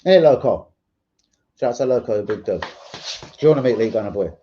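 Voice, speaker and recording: A man, ranting and joking with plenty of swearing on a casual live stream, mocking and animated. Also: mid-range voice, moderate pace, a little hiss or hum. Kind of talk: casual livestream rant. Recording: dull lo-fi stream audio.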